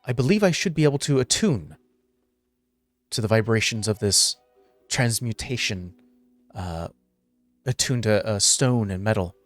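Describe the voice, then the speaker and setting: A man narrates as game master of a tabletop game, with a mid-pitched voice recorded dry and close. He rambles with many filler words, and soft music plays behind him. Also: expressive, unhurried, long pauses, no room sound.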